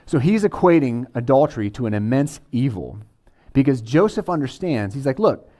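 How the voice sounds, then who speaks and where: A man's voice: mid-range voice, very animated, normal speed, dark tone. A man preaching a sermon in a conversational way, with casual asides to the congregation. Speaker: pastor.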